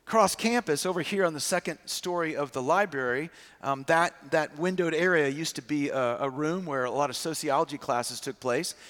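Male preacher, high voice, storytelling sermon, echoing hall. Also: moderate pace. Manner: animated storyteller acting out quotes. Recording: long hall reverb.

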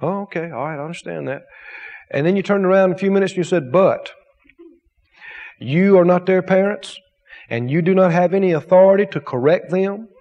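A man's voice: sits high, fairly quick, in a large hall, muffled recording. A man preaching a sermon as pastor, emphatic, with repetition and rhetorical questions.

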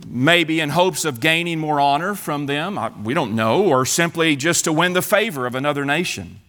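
A male pastor preaching a sermon, retelling the story in an animated way with many repeats and restarts. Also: a little high, moderate pace.

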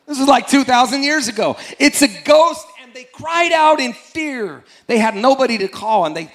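High-voiced animated male preacher. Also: moderate pace. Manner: animated, acts out scripture voices, repeats phrases, calls congregation to respond. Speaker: pastor. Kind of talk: energetic sermon.

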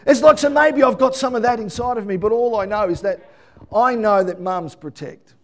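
High-voiced preacher swinging soft to shouting. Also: male voice, moderate pace. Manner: swings from soft asides to loud emphatic shouting. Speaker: pastor. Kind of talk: Mother's Day sermon.

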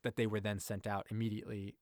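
A man's voice: fairly low pitch, level tone, fast talker, darkish tone, no room sound, clean studio sound. A man casually recapping a movie on a podcast, joking and acting out lines from the scenes. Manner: jokey, acts out characters' lines with mock voices. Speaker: podcast co-host.

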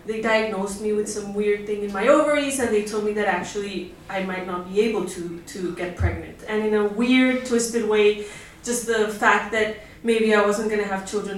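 A woman's voice: medium pitch, slight background noise. A woman in her thirties telling a candid, wry personal story before a live audience, laughing now and then. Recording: roomy live-stage sound, mic at a distance.

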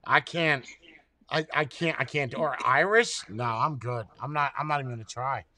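A man's voice: mid-range voice, moderate pace, sharp tone. An American man in casual group chat, nervous and self-deprecating. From United States.

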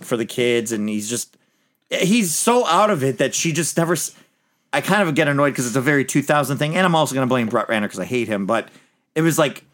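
A man's voice: mid-range voice, a bit bright. A man hosting a casual movie podcast, recapping the plot in a rambling, opinionated way.

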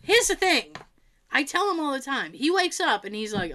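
A woman's voice: sits high, moderate pace. A middle-aged woman co-hosting a casual chat, telling stories and acting out quotes with a laugh. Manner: animated storyteller, acts out quotes, laughs often. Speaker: podcast co-host.

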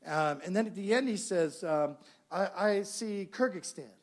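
A man's voice: high-pitched, normal speed. A middle-aged male pastor preaching a sermon, telling a story and acting out the dialogue. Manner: animated storyteller, acts out dialogue.

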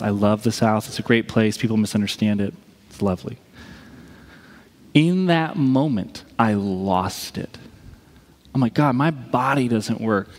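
Animated pastor preaching in a reverberant hall. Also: male voice, fairly high pitch. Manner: animated, conversational, acts out quotes. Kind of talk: sermon.

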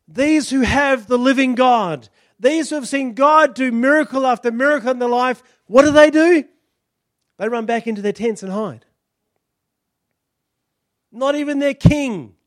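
A man preaching a sermon, retelling a story with animated delivery and acting out the characters. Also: very high-pitched, dry recording, clean studio sound.

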